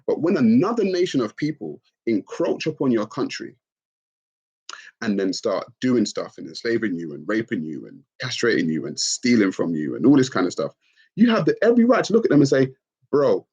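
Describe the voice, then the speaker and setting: Man, expressive livestream rant, husky, muffled low-fi audio. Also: normal speed. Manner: expressive, mocking, swings into shrill put-on voices. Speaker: livestream host. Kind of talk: animated live-stream rant.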